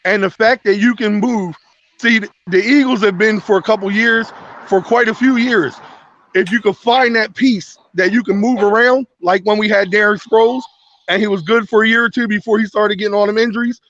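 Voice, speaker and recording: High-voiced caller on a muffled line. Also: male voice. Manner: animated, playful ribbing, quick restarts. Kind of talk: casual call-in opinion.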